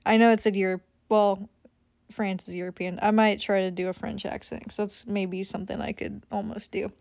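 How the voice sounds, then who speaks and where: A woman's voice: mid-range voice, flat delivery, normal speed, vocal fry, darkish tone, no room sound, lo-fi sound. A woman reading a classic novel aloud as an amateur audiobook, stumbling over words and breaking off for swearing asides. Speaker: audiobook reader.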